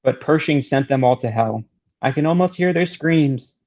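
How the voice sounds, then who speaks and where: Voicing a panicked male fighter running in fear, this man keeps his reading near plain and only lightly acted. His mid-range voice is a little mellow, his speed normal, and he sounds distraught, all captured on a dull lo-fi recording.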